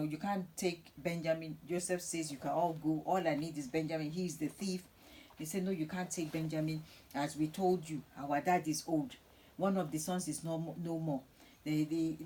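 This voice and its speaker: A woman with a fairly low voice tells a Bible story as a teacher. She talks casually and acts out the characters' lines as she goes. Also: warm tone, rough recording.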